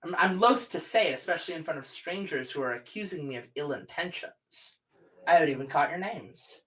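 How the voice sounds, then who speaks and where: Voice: medium pitch, expressive, fairly bright tone, recorded from a distance, lightly acted, low-quality recording. Andrus, a player voicing a stammering salamander. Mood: wary. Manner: stammering, halting, hesitant speech. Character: nervous, guarded salamander man, formal and wary. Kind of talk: tabletop role-play character voice.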